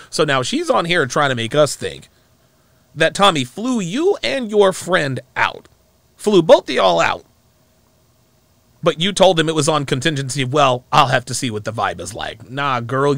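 A man's voice: fairly high pitch, creaky, a bit bright, no room sound. A man giving a mocking, profane, emphatic reaction commentary on a clip he plays.

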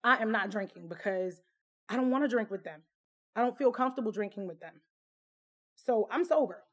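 A woman's voice: mid-range voice, expressive, a little fast. A woman casually telling a personal story to camera, candid and conversational. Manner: candid, conversational, full of fillers.

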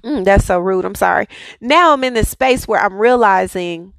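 Woman, thirties, devotional host, conversational testimony, frequent "okay?" asides, mid pitch, dry close recording. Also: expressive, normal speed, creaky, a bit bright, no echo, rough recording.

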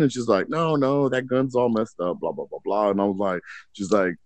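A man's voice: lowish voice, fast talker, a little mellow, no echo. A man casually telling a long, rambling story on a podcast, swearing often and acting out the voices of people in it. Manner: rambling, profane, acts out voices in his stories. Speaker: podcast co-host.

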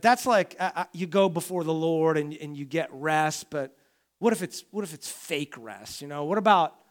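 Animated man preaching a sermon. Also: fairly high pitch. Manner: conversational preaching, rising and falling in volume, acts out complaining voices. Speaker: pastor.

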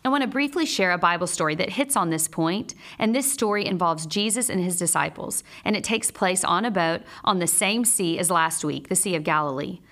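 A woman and mother teaching a Bible lesson in a measured, earnest way, mixing scripture with personal stories. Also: lowish voice, a bit bright.

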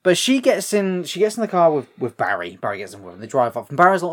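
Man, casual co-host, lively pitch, sweary, mimics voices while retelling scenes. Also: fast talker, hardly any pauses. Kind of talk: casual chat.

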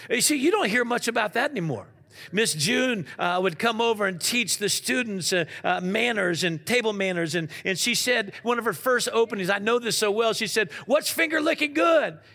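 A man preaching a sermon, asking the congregation questions and swinging from loud to quiet. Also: high voice, moderate pace, gravelly. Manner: animated preaching with call-and-response questions. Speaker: pastor.

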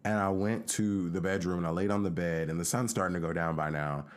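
With a deep, clean-toned voice and a brisk pace, a man co-hosting a podcast shares a long story from his own life in casual chat. He tells it with animation, imitating the voices of the people he quotes.

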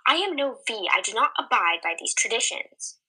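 A woman's voice: a little high, very animated, moderate pace, pushed and bright, breathy edge, full character voice, rough recording. A woman voicing a defiant young outsider who answers sharply, near tears, in a storybook reading.

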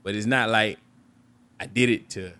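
A young podcast host tells a candid, reflective personal story in a clean, bright, forceful voice with fairly even intonation and a moderate pace. He often restarts sentences, repeats words, and raises his pitch to act out family members.

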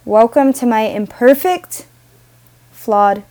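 A young woman with a slightly high voice chats alone on her podcast, wandering off on tangents and laughing at herself. She talks casually and loosely, as if to friends. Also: slow, dark tone. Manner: rambling, self-interrupting, giggly. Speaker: podcast host. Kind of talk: casual solo podcast ramble.

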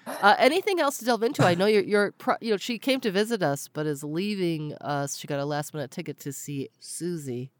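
A woman's voice: fairly low pitch, fairly quick, dry recording. A woman hosting a podcast, chatting casually with a teasing, jokey manner. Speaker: podcast host.

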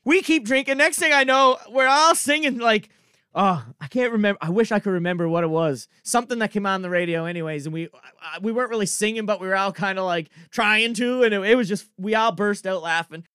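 A man from Cape Breton with a Cape Breton accent, telling a comic story in a casual, animated way, swearing, laughing often and filling with "like" and "I'm telling you.". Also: high-pitched, fairly quick, clean tone, dry recording, clean studio sound. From Cape Breton, Canada.

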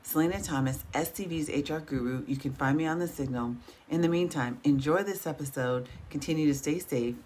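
A woman hosting an interview over a video call, telling stories in a lively way and laughing often. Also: low voice, fairly quick, hardly any pauses, slight background noise. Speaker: host.

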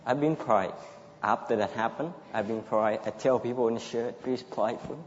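A man from Thailand with a Thai accent, giving a personal testimony in halting, simple phrases with short repeated sentences. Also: medium pitch. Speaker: church member giving testimony. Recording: echoey hall, dull lo-fi sound, faint background noise.

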